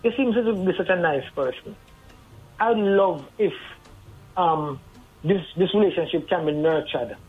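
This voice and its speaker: Radio phone-in guest, husky mid-pitched voice, earnest and advising. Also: unhurried. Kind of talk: radio call-in talk. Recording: tinny phone line over faint music.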